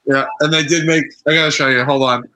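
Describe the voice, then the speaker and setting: A man co-hosting a podcast, chatting excitedly about wrestling gear and events. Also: a little high, quick pace, dry recording, poor audio. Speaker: podcast co-host. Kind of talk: casual watch-along chat.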